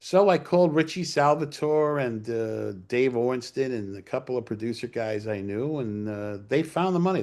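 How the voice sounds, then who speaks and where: An older man from New York, a film director telling profane, animated stories in a casual interview and acting out what others said. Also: on the low side. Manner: profane, animated anecdotes with acted-out quotes. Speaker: screenwriter and director guest.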